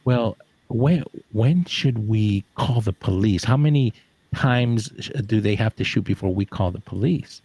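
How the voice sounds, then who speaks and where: An anxious city-raised wife, as her husband quotes her in his own gravelly voice, pushed a little higher. She fires off worried, questioning lines. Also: lively intonation, unhurried, warm tone, no echo, exaggerated voice.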